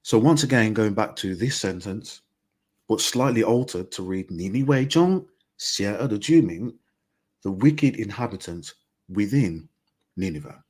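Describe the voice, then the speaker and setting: A man teaching Mandarin grammar in a recorded lesson. He explains patiently and clearly, stressing the example phrases. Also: fairly low pitch, animated, a little slow, darkish tone.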